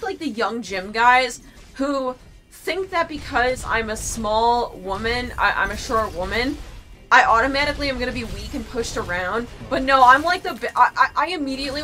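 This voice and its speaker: A young woman with a high, bright voice rants bluntly in a casual chat. She swears freely and speaks with sharp, animated force. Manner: blunt, profane, animated ranting. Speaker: co-host.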